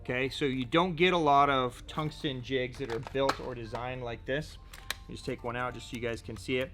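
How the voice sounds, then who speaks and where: A man's voice: mid-range voice, steady tone, brisk, fairly bright tone, a little hiss or hum. A man presenting fishing gear in a casual product showcase, chatty and joking, often filling gaps with "so" and "right?". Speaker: fishing tackle shop presenter.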